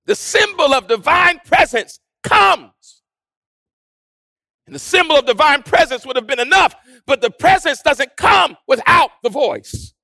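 Man, preacher, very high voice, gravelly, rhythmic sermon, shouted peaks and hushed drops. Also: expressive, measured pace, no echo, clean studio sound.

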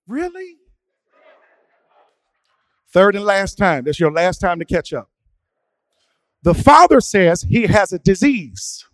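High-voiced preacher with sung shouting. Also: male voice, no echo. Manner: swings from hushed asides to sung, shouted preaching. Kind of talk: sermon.

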